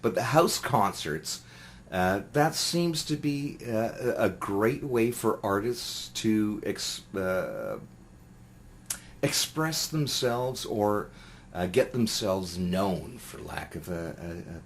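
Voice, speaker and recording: Middle-aged musician guest, low voice, loose and rambling, faint background hiss. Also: male voice, big pitch swings, slow pace. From Canada. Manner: rambling, many fillers and restarts. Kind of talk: casual interview chat.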